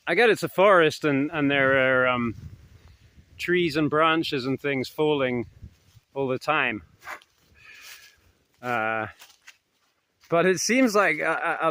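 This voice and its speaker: A man telling stories in a casual vlog, rambling and hesitant, his voice trailing off softly at the ends of thoughts, recorded outdoors in woods. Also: fairly high pitch, animated, unhurried, pauses often. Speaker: vlogger. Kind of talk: casual anecdotal storytelling.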